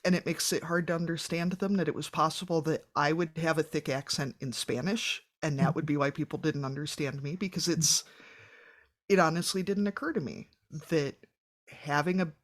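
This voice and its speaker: A woman hosting a podcast, asking a guest measured, thoughtful questions. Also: low-pitched, fairly even intonation. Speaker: podcast host. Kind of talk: casual interview chat.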